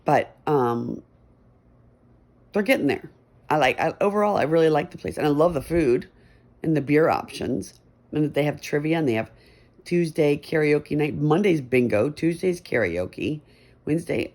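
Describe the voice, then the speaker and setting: A woman's voice: sits low, lively intonation, measured pace, a little mellow. A middle-aged woman vlogging from her messy bedroom at home in a chatty, meandering, self-deprecating ramble. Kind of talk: rambling casual chat.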